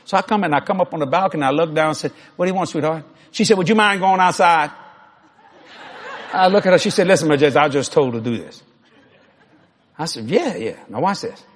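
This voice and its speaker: An older man, preaching a storytelling sermon that acts out dialogue and climbs toward near shouts. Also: on the high side, breathy edge.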